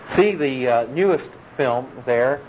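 A man's voice: medium pitch, animated, slow pace, a little mellow. A man preaching an earnest, emphatic sermon, explaining a scripture passage verse by verse. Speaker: pastor. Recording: dull lo-fi recording with faint room noise.

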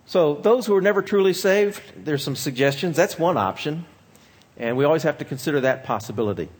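A man speaking as a pastor, giving a measured teaching talk on ministry with frequent pauses and fillers. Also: a little high, lively intonation, slightly rough.

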